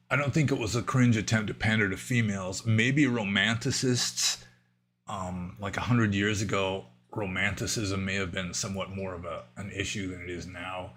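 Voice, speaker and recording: A man with a somewhat low voice and a bright, crisp edge talks through viewer questions on a livestream. He thinks aloud, trailing off into asides and small hesitations. His delivery is unhurried and conversational. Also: a little hiss or hum. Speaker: Buddhist monk answering viewer questions. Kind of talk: livestream Q&A, casual explanation. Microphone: livestream microphone.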